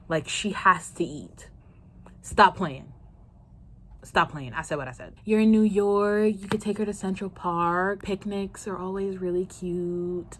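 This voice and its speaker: A young woman answering viewer questions in a casual vlog, playful and slangy, quick to laugh and swing into mock drama. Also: fairly low pitch, fairly bright tone, slight background noise. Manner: slangy, chatty. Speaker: vlogger.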